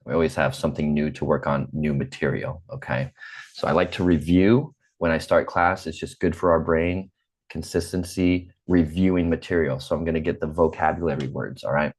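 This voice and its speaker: A U.S. man in his forties with a General American accent teaches an English class online through a computer mic on a video call, patiently and slowly repeating things. His bass voice is steady, darkish, and husky.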